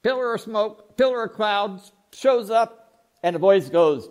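A man preaching a sermon, dramatic and humorous, swinging from hushed asides to loud excited outbursts as he acts out Bible characters. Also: high voice, measured pace. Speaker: pastor.

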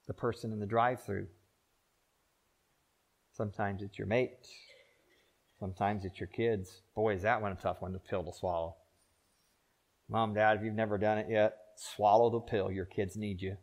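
An older man preaches from the pulpit in a lowish voice. He swings between loud, emphatic declarations and quiet, pleading asides, stretching words out with long pauses. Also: little pitch movement. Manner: preaching with swings from loud emphatic peaks to soft low pleas, slow drawn-out pauses. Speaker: pastor. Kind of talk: sermon.

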